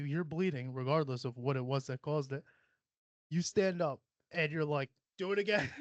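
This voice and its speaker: A man's voice: on the high side, no echo. A young adult man hosting a podcast, ranting casually with lots of swearing, rambling asides and self-mocking laughs. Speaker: podcast host. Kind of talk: casual solo podcast rant.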